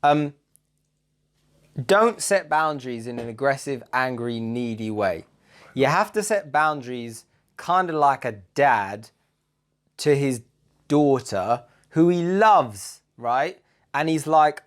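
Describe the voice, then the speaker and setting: A man co-hosting a casual podcast, animated and jokey, acting out quoted voices and laughing often. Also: medium pitch, slow pace. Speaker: co-host, relationship coach.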